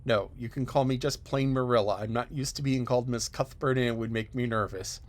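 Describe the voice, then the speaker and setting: A man's voice: mid-range voice, fairly even intonation, close to an everyday voice. A man playing a stern, curt spinster. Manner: curt, disapproving, brisk. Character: stern, unbending middle-aged spinster woman. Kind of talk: audiobook character voice.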